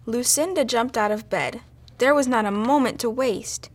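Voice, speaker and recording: Young lady reading a kids book out loud, bright and lively, voice a bit high. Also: moderate pace. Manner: lively, expressive. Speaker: storyteller. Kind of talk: children's story read-aloud.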